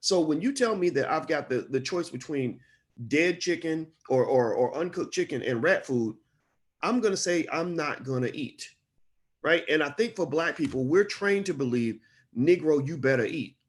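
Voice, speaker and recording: A middle-aged man giving solo commentary, impassioned, repeating his phrases and climbing higher as he gets worked up. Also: moderate pace. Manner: impassioned, repeats phrases, rises in pitch when animated.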